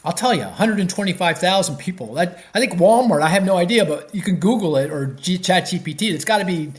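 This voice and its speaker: A man, an economist guest on a podcast interview, explaining with animated restarts and many fillers. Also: high-pitched, fast.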